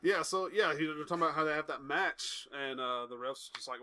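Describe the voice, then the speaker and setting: Bright-voiced young man recapping wrestling. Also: mid-range voice, level tone, brisk, few pauses. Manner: rambling storyteller, acts out quotes. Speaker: podcast co-host. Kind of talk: casual chat recapping wrestling.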